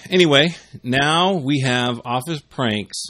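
A man's voice: mid-range voice, slow, sharp tone. A man hosting a podcast, telling stories in casual chat and mimicking voices. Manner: chatty storyteller who mimics voices. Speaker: podcast host.

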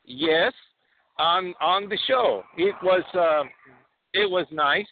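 A man playing a halting, excitable foreign reporter in broken English, pitched high, on a dry phone line. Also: dry recording. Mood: excited, bumbling. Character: boastful foreign male TV reporter, bumbling. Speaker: prank caller.

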